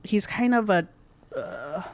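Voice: medium pitch, big pitch swings, takes it slowly, dry recording. A podcast co-host casually recapping a movie plot, rambling with lots of fillers and restarts.

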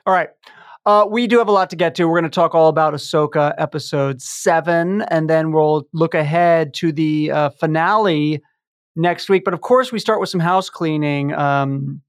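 A man's voice: on the high side, moderate pace, no echo, clean studio sound. A man in his fifties hosting a podcast, bantering playfully in casual chat. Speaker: podcast host.

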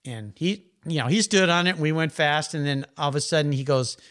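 A middle-aged man, a guest, chatting casually and telling animated, rambling anecdotes. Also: on the high side, fairly quick. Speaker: guest, car enthusiast. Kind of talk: casual conversational storytelling.

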